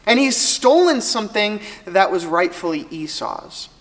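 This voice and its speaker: A teacher retelling a Bible story to students in a casual, lively way with joking asides. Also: medium pitch, unhurried. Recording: long hall reverb.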